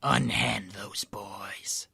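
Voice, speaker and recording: A brooding male ranger speaks in slow, weighty phrases that sink to a whisper, as a man puts him on for a tabletop story. The sound is dry and close. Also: steady tone, creaky, sharp tone, husky, no echo, exaggerated voice. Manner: slow, low, dramatic, trailing into a whisper.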